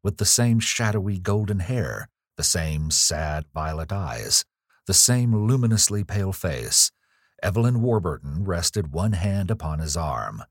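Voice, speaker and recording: Low husky guy reading a spooky story, slow and grave, dry close recording. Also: animated, no room sound. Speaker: narrator. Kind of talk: audiobook reading of a ghost story.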